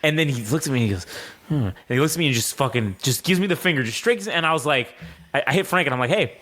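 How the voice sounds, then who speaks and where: A man's voice: medium pitch, expressive, fast talker, fairly bright tone. A man co-hosting a casual podcast, telling a rambling, profane story and acting out the people in it. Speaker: co-host.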